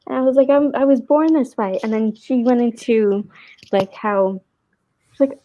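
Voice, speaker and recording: A woman's voice: a little high, moderate pace, phone-quality sound. A woman guest on a live stream, telling a story casually and rambling with lots of fillers. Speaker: guest co-host.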